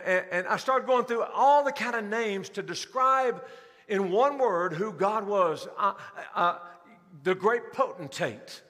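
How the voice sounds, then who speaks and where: Male pastor, sermon, high pitch, long reverberant church hall. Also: bright, forceful tone. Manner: preaching with rising emphasis and slowed, stressed phrases. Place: large church sanctuary.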